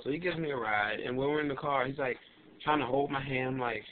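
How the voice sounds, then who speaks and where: A young adult man vlogging, telling a story in an animated, emphatic and indignant way. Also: medium pitch, brisk. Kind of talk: casual ranting storytelling. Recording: tinny lo-fi webcam audio with faint hiss.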